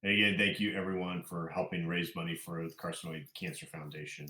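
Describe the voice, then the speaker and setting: Deep-voiced man, earnest, roomy echo. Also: flat delivery, pushed and bright. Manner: earnest, grateful, halting. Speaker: stream host. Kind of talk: casual chat on a charity stream.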